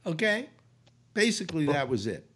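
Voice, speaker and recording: An older man hosting a talk show, hoarse with a cold, rambling in casual talk with many restarts. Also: fairly high pitch, sing-song, moderate pace, a bit bright. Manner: rambling, full of restarts and "you know". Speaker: radio talk host.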